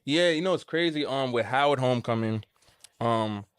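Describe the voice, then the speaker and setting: Smooth-voiced podcast host man. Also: medium pitch, moderate pace, no echo, studio quality. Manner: laid-back slang, hesitant fillers. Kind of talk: casual podcast interview.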